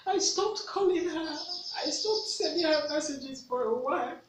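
A woman's voice: high voice, expressive, measured pace. A Nigerian woman vlogger telling a personal story, earnest, repeating herself for emphasis. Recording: echoey room, mic at a distance, faint noise.

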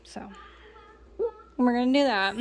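Young woman, kinda high voice, rambly casual vlog update, lots of um and like, got the hiccups. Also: measured pace, a bit bright. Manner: rambling, filler-heavy, self-correcting. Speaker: parent vlogger.

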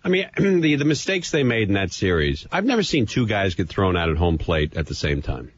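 Deep-voiced male radio host in his forties. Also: big pitch swings, a little fast. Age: 40s. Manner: grumbling sports talk, clears throat. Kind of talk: casual radio banter. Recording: muffled radio broadcast with faint hiss.

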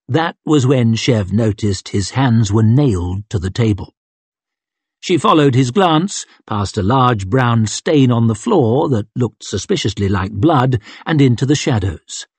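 A man reading an audiobook in scripted narration with measured, expressive storytelling. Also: medium pitch, husky, dry recording.

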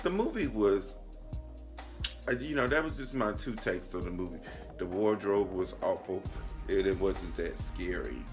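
Faint music plays behind a man in his late twenties as he reviews a movie casually and with plenty of sass. His pace is measured, he calls the viewer "honey," and he pops into a high voice when quoting himself.

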